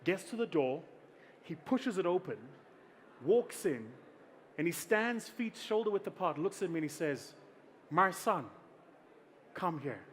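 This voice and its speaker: A South African man tells a story from the stage in an animated, humorous way, often slipping into other people's voices. His voice sits fairly high for a man. Faint room ambience runs under the speech. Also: a little hiss or hum. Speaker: keynote speaker.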